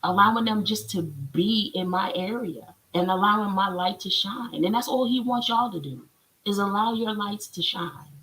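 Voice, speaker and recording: A woman's voice: mid-range voice, normal speed, fairly bright tone, rough recording. A woman, a spiritual healer, talking casually on a live stream as she reads oracle cards and gives chatty, preachy encouragement.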